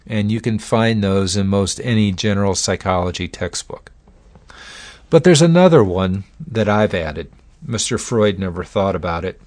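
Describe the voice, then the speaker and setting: A man's voice: lowish voice, darkish tone, no room sound. A man giving an informal lecture on psychology and addiction in a folksy, conversational way. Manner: folksy, conversational, uses acted-out examples.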